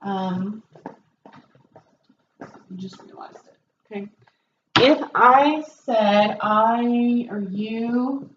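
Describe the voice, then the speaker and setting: Slow-talking woman teacher in an echoey room. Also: medium pitch, dull audio, background noise. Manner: explaining step by step, many ums. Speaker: Spanish teacher. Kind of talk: classroom review lesson. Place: classroom.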